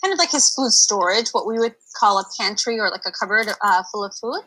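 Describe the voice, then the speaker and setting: A woman's voice: mid-range voice, animated, brisk, bright, forceful tone, slight background noise, rough recording. A young adult woman reading a picture book aloud to children on a livestream, stopping to explain words in a chatty way.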